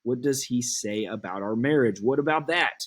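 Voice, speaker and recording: A man reading the part of an impatient young girl in love, slowly and evenly from the text in a classroom play reading. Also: mid-range voice, slightly rough, natural voice.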